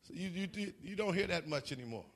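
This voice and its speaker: A man preaching a fervent sermon, building to shouts, stammering and repeating words, with laughing asides. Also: high voice, lively intonation, a little fast.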